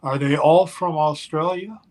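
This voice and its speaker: Guy asking questions slowly, stops and restarts a lot, casual interview. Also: fairly high pitch, steady tone, a little mellow.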